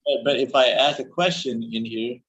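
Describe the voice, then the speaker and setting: Man, english class student, halting speech, lots of restarts, dull lo-fi call sound. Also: mid-range voice, steady tone, fairly bright tone, husky. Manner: halting, searches for words, many restarts. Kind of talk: speaking practice in an online class.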